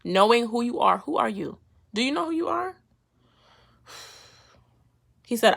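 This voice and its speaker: A woman hosting her own faith vlog, her voice bright with a gravelly edge. She talks in a lively, playful, slangy way and laughs often as she breaks down a Bible verse in a relaxed devotional chat. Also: a little high, normal speed, long pauses. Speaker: faith vlogger. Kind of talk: casual devotional talk.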